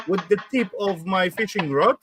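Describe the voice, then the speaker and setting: A man speaking halting with lots of fillers, telling a fishing anecdote and laughing at himself. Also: high voice, a bit bright, slight background noise. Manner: halting non-native English with many fillers, laughs at himself. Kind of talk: casual chat on a live stream.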